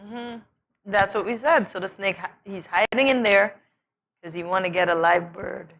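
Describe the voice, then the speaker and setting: A woman's voice: mid-range voice, moderate pace, fairly bright tone. A woman in mid-range voice hosts a morning talk segment, playful and laughing as she unpacks proverbs. Her delivery is loose and chatty. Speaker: morning show co-host. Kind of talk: casual studio chat.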